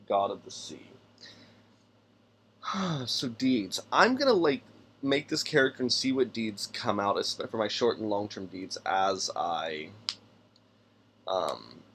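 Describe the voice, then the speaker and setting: A man's voice: mid-range voice, a bit bright. A man hosting a tabletop game podcast, thinking aloud as he builds a character and reads out rulebook passages, sometimes stumbling over names. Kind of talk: casual solo character-building talk.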